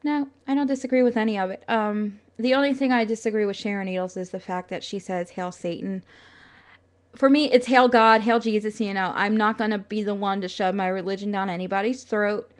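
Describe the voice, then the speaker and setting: A young woman speaking to her camera in an earnest, chatty way. She leans on fillers and small laughs, and sounds close to tears at times. Her pitch sits in a middle range. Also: steady tone, fast, hardly any pauses. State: tearful at times. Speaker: vlogger. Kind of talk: casual talk to camera.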